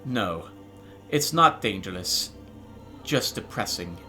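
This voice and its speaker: A man voicing a wry female programmer in a game, speaking low and flat. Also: slow pace, soft background music, full character voice. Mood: dry.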